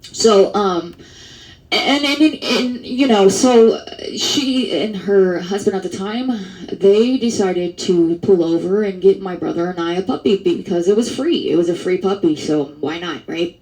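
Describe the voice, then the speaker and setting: A woman's voice: mid-range voice, unhurried, darkish tone, low-quality recording. Woman vlogger, rambling monologue, lots of restarts, blunt and profane. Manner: rambling, with many restarts and fillers. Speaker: advocacy vlogger. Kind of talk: casual monologue to camera.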